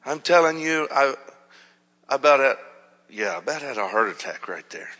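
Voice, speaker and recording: Man, pastor, animated storytelling sermon, very bright tone, long hall reverb. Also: mid-range voice, moderate pace, dull audio. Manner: animated, acts out quotes with shouts and whispers.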